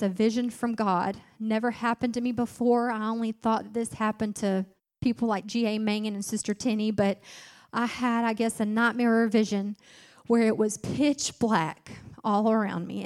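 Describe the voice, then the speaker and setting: A young woman giving an emotional testimony at a church service, starting soft and building to loud, tearful fervor. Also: mid-range voice.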